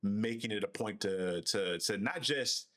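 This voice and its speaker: Low-voiced man thinking aloud. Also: measured pace, fairly bright tone. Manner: reflective, thinks aloud with restarts. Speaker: podcast co-host. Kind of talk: casual discussion.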